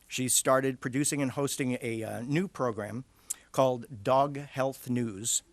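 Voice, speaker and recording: A man's voice: mid-range voice, fairly even intonation, a little slow, dry recording. A man presenting awards at a studio event, reading introductions in a jokey, teasing way.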